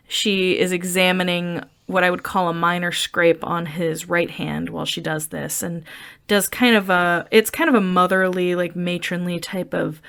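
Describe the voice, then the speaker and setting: A woman co-hosts a podcast, walking through a film scene beat by beat. Her voice sits on the low side and she speaks slowly and unhurriedly. Her humor is dry and wry. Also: flat delivery, creaky, fairly bright tone, clean tone. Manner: dry, wry storytelling with acted-out quotes. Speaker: podcast co-host. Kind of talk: casual film recap chat.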